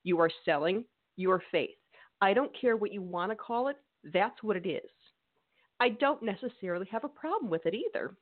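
A woman's voice: mid-range voice, expressive, moderate pace, no room sound. A woman co-hosting a podcast, talking in an emphatic, scolding, opinionated way, with the odd laugh. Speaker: podcast co-host. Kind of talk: opinionated casual chat. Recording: tinny phone-like sound.

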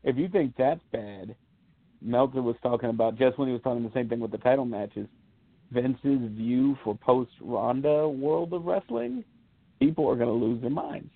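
A man co-hosting a casual wrestling podcast, rambling through animated stories with plenty of fillers. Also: mid-range voice, normal speed, gravelly, dry recording. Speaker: podcast co-host. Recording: tinny phone-like line.

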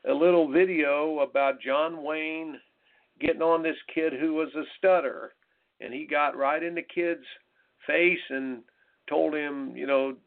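A man's voice: fairly high pitch, fairly even intonation, a little slow, vocal fry. A middle-aged American man, a tennis coach hosting a radio show, talking in a folksy, emphatic way and repeating his points. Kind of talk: radio talk monologue. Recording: tinny phone-line radio broadcast.

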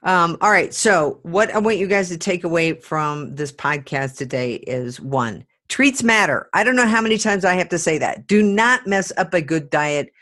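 A woman hosting a podcast in casual chat, giving brisk, emphatic advice. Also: fairly low pitch, animated, a bit bright. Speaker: podcast host.

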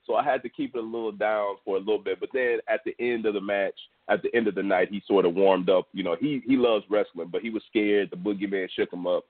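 Very deep-voiced man on a phone line. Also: no room sound. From Houston, Texas. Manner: relaxed, rambling with many fillers. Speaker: podcast co-host. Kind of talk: casual storytelling chat. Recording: dry, tinny phone line.

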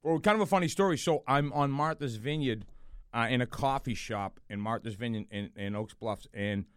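A middle-aged man, a guest actor chatting in a podcast interview, telling animated stories with frequent restarts and fillers. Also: mid-range voice, normal speed, clean tone, dry recording, clean studio sound. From Boston area.

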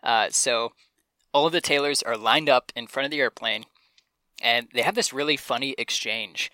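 A man's voice: mid-range voice, normal speed, bright, forceful tone, no room sound. A man co-hosting a podcast, chatting enthusiastically and reading out quotes with playful voices. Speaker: podcast co-host. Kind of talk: casual chat.

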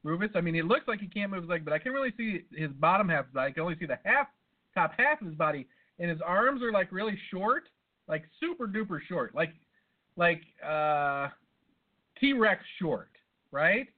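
A man with a high voice spins a long, rambling story between swears and side comments. The sound is thin and tinny, like it is coming over a phone. It is a casual podcast chat. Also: big pitch swings, normal speed. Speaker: podcast co-host.

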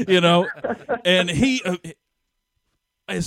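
A man's voice: high voice, wildly swooping pitch, slow pace, long pauses, no room sound. Chatty male podcast host, dry sound. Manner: chatty, laughs easily. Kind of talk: casual podcast chat.

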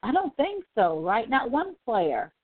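Woman, talk host, animated storyteller, exasperated, dry close sound. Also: fairly high pitch, unhurried, no echo. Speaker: show host. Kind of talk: casual talk commentary. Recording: phone-like dry audio.

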